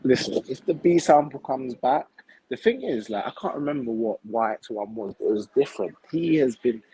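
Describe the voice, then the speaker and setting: A man's voice: mid-range voice, lively intonation, normal speed, warm tone, slightly rough, rough recording. A man calling into a boxing live stream, speaking bluntly and insistently in casual chat. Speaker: caller joining a live stream.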